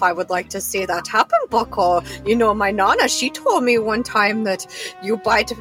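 A woman's voice: medium pitch, moderate pace, a bit bright, soft background music, poor audio. A woman playing a tabletop game in character, bubbly and scatterbrained, peppering her talk with "like" and "don't you know". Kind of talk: in-character tabletop role-play.

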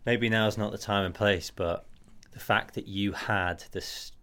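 A man's voice: lowish voice, steady tone, a little slow, pushed and bright. A man hosting a podcast, reacting and musing in a hesitant, reflective way. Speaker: podcast host. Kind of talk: casual interview.

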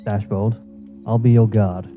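A man playing a tabletop game, steady and low-key as he plans moves. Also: unhurried, narrow, tinny audio, soft background music. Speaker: tabletop player. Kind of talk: casual game chat.

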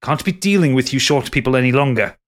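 A man's voice: mid-range voice, quick pace, lightly acted. A man voicing a severe, gaunt old sorceress who speaks curtly and with contempt. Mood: contemptuous. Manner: curt, haughty.

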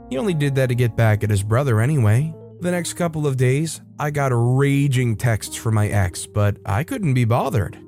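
A man narrating online stories in a steady, matter-of-fact scripted reading. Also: mid-range voice. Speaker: story narrator. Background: soft background music.

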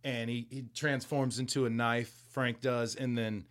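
A man's voice: medium pitch, flat delivery, a little slow, fairly bright tone. A man in a mid-range voice chats his way through a comic recap on a podcast. He rambles and swears freely, and often breaks into laughter as he retells scenes. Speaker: podcast co-host. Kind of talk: casual chat recapping a comic book.

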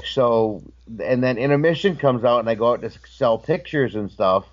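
A man's voice: medium pitch, moderate pace, lo-fi sound, a little hiss or hum. A man who is a guest on a podcast, telling a story in casual talk and acting out the voices in it. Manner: animated, acts out voices in his stories.

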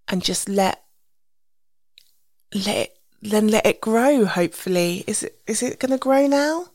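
A woman in her thirties hosting a podcast, rambling casually with restarts and soft asides. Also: medium pitch, vocal fry, no room sound. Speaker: podcast host. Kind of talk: casual solo podcast monologue.

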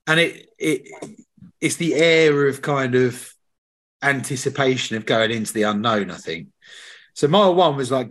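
A man's voice: medium pitch, fairly bright tone. Chatty man telling race stories. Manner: chatty storyteller, swears, slangy. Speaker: podcast host. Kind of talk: casual chat.

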